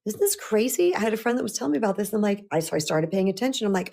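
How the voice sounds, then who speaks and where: A middle-aged woman coach talking casually on a live stream, chatty and animated, often restarting her sentences. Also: mid-range voice, racing, gravelly. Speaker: spiritual empowerment coach.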